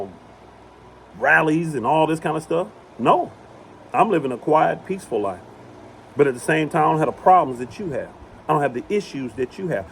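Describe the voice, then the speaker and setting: A man's voice: fairly high pitch, slight background noise. A man giving an impassioned religious talk outdoors on his property, hammering points home by repeating them. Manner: emphatic, repeats phrases for emphasis. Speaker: preacher.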